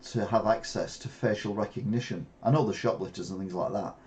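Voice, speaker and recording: Older man, lowish voice, rambling news chat, wry asides. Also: a little fast, a little mellow. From England. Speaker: channel host. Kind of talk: casual news commentary.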